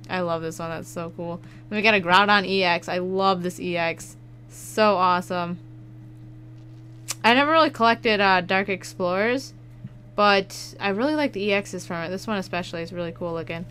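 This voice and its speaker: A woman YouTuber chatting casually as she opens fan mail, excitable and quick to laugh, with bursts of shouting. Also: mid-range voice, slight background noise. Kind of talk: casual unboxing chat.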